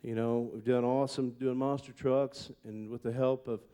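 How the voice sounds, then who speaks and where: A man's voice: mid-range voice, steady tone, normal speed, warm tone, smooth. A middle-aged man, a monster truck driver, telling candid, heartfelt stories in an award acceptance speech.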